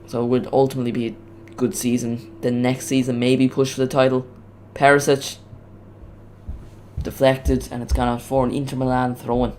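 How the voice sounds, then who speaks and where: A man's voice: medium pitch, normal speed, a little hiss or hum. Chatty male streamer with cracking voice. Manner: chatty, rambling, excitable on goals. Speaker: watch-along streamer. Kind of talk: live match commentary, casual.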